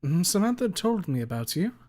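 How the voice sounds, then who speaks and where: A charming, easygoing teacher from a visual novel, as a male narrator voices him. He speaks smoothly and genially, a little above the reader's usual pitch. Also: big pitch swings, brisk, a little mellow. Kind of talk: visual novel read aloud.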